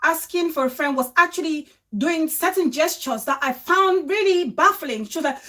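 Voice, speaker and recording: Woman, high voice, casual reaction commentary, laughs a lot. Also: moderate pace, few pauses. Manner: animated, laughs often. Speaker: host.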